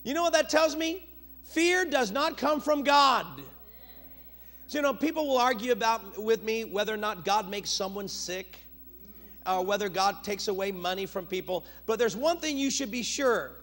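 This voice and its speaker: A middle-aged male pastor preaching a sermon, moving from loud urgent bursts to low, quiet asides. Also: moderate pace.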